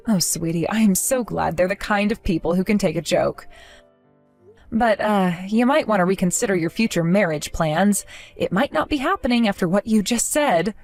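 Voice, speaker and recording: A woman telling a first-person story in a calm, dry, amused manner. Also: mid-range voice, moderate pace. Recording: faint background music.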